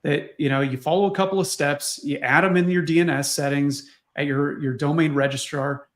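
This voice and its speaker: A man with a fairly high, bright, forward voice speaks in a casual webinar conversation. He sounds easygoing and upbeat. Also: fairly even intonation, brisk.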